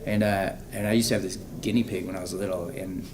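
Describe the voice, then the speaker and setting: A man, an actor, chatting casually in an interview, relaxed and full of fillers like "you know.". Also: low-pitched, quick pace, background noise. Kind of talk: casual chat. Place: convention room with crowd around.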